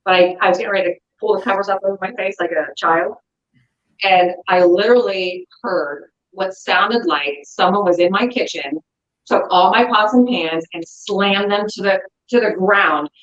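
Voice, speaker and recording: A woman recounts a ghost story in a lively, chatty way, slipping into the voices of the people in it. The sound is roomy and echoey, and it is a little dull and muffled. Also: mid-range voice, normal speed. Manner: animated, acts out dialogue in her story. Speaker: guest telling a ghost story. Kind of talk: casual storytelling.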